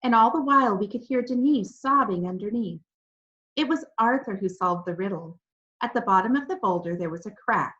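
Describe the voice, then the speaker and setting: A woman reading a chapter of a children's book aloud in a calm, measured storytelling voice. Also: medium pitch. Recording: dull lo-fi recording.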